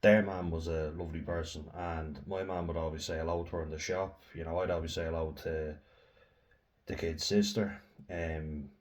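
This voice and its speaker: A man's voice: sits low, flat delivery, normal speed, darkish tone. Tired, chatty Irish young man. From Ireland. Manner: chatty, rambling, many fillers. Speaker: vlogger. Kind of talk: casual chat to camera.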